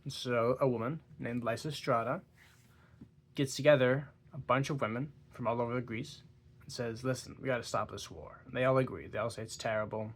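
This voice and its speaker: A man's voice: mid-range voice, steady tone, moderate pace. A tired, yawning young man talking casually about a book, rambling with stumbles and giggles. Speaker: book reviewer. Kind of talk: casual book talk vlog.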